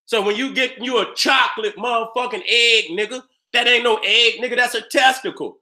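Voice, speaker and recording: High, bright-voiced man ranting. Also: brisk, hardly any pauses. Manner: heated, streetwise, loud, acts out dialogues. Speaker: video host. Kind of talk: profane ranting commentary.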